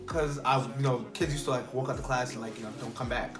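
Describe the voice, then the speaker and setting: A young man telling a casual storytime vlog, animated and full of fillers, acting out the people in his story. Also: medium pitch, quick pace, hardly any pauses. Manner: animated, quotes people in changed voices, many fillers. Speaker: vlogger. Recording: echoey room with faint music.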